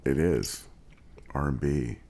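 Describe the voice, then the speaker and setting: A man's voice: a bass voice, takes it slowly, creaky, dark tone. A male podcast host chatting casually, asking easygoing questions of his guest. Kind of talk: casual interview chat.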